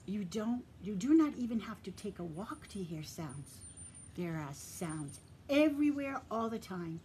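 A woman preschool teacher reading a picture book aloud to little children in an ordinary mid-pitched voice. Her manner is gentle and encouraging, and she now and then sinks into a hushed whisper. A faint hiss of noise sits under the voice. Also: big pitch swings, moderate pace. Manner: drops to a soft whisper for quiet moments; stops to point out real sounds around her.

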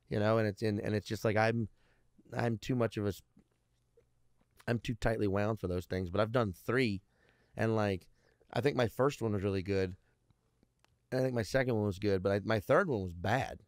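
Man in his thirties, comedian guest, low voice, dry close sound, swears a lot, rambling stories. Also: no echo. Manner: heavy swearing, rambling storyteller. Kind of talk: casual interview chat.

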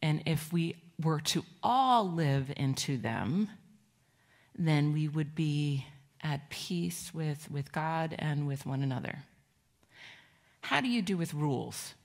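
A middle-aged woman pastor giving a children's sermon in a church, gentle and conversational, asking the children questions. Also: deep voice, animated, slow. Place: church sanctuary.

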